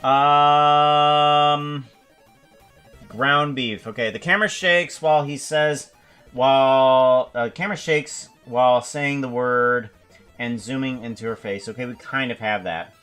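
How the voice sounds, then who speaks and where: Slow-talking musing man. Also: mid-range voice, fairly bright tone, clean tone, faint music behind. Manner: musing, full of fillers and self-corrections. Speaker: animator planning a script. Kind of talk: thinking aloud while working.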